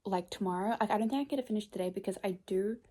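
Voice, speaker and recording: A young woman book vlogger chats casually and rambles about books, using lots of fillers. Her voice is warm and mid-range, and she talks at a racing pace.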